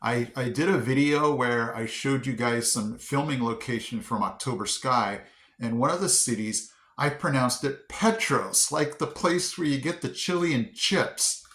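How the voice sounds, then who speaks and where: An upbeat man hosts his own vlog in a relaxed, chatty way and is quick to laugh at his own mistakes. His voice sits at a middling pitch for a man. The room around him gives it a noticeable echo. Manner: upbeat, chatty, self-deprecating. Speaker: vlog host. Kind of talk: casual vlog chat. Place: indoor room. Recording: roomy echo.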